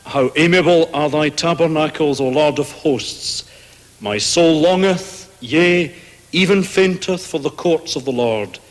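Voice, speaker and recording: A man with a Scottish accent, a minister reading scripture aloud during a church service in a slow, solemn way. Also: on the high side. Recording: long church reverb.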